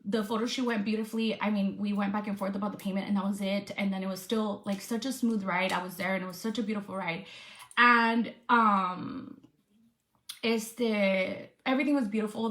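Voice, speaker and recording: A woman's voice: medium pitch, fairly even intonation, normal speed, bright, forceful tone. Woman influencer, storytime vlog, nervous and upset, roomy echo. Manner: upset, venting with swearing. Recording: echoey room.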